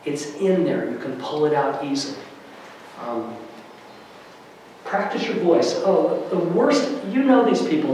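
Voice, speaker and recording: A middle-aged man giving a lively workshop lecture to faculty, varying his loudness for emphasis, with many fillers. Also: a little high, moderate pace, a little hiss or hum. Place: large lecture room. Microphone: distant room mic. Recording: very echoey hall from far off.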